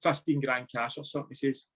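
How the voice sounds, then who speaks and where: A man's voice: medium pitch, fairly even intonation, brisk, a bit bright, husky. A man with a Scottish accent, a former footballer, casually telling stories as a podcast guest. He swears freely and laughs his way through the tale. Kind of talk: casual storytelling chat.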